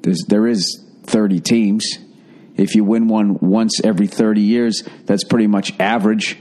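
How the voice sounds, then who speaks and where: With a lowish, slightly mellow voice, fairly even intonation, and a moderate pace, a podcast host riffs by himself through a profane, sarcastic, rambling comedic monologue.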